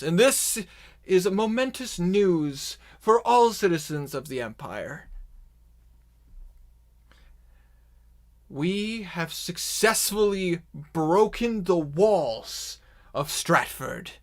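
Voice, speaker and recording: A man voicing a pompous male orc herald who addresses a crowd in slow, drawn-out proclamations. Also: high voice, very animated, voice pushed up, exaggerated voice. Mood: rallying.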